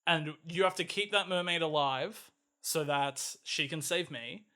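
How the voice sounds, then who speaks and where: High, bright Australian man joking. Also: a little slow. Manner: joking, sarcastic, drops into low mock voices. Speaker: podcast co-host. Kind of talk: casual chat.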